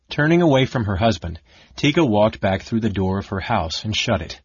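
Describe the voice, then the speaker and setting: Man, audiobook narrator, low husky voice, measured expressive reading, dull lo-fi recording. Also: no room sound. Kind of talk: scripted fantasy narration.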